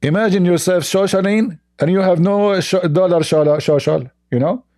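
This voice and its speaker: A man's voice: high-pitched, normal speed, a little mellow. A man giving sarcastic reaction commentary on clips, mocking and scornful, rambling with broken grammar.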